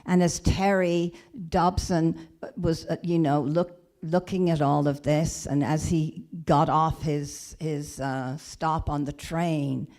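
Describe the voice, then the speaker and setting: Low, slow-speaking woman minister. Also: steady tone. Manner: gentle, halting retelling with many restarts. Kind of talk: storytelling sermon. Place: church or spiritual center.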